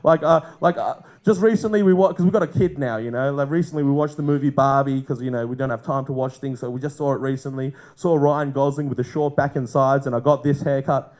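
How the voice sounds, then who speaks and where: A man's voice: mid-range voice, a little mellow. A male comedian telling crude, rambling stories about home life on a comedy club stage, into a handheld mic. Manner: crude, rambling, many fillers. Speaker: stand-up comedian. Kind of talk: stand-up set.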